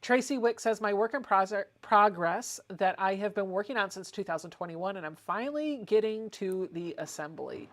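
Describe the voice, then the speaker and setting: A woman's voice: medium pitch, animated, normal speed, few pauses. A woman hosting a casual home livestream, chatting and reading viewer comments aloud. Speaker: livestream host.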